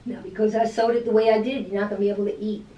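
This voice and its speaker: A woman's voice: medium pitch, flat delivery, racing, recorded from a distance, muffled recording, noisy background. A mother who sews, chatting in a practical, matter-of-fact way. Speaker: seamstress mother. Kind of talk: casual chat. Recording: roomy, from across the room.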